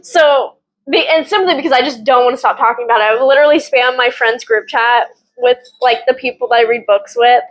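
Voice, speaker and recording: A woman's voice: a little high, brisk, rough recording. Gushing, rambling woman book reviewer. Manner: rambling and gushing, leans on "literally", swears casually. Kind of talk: casual chat.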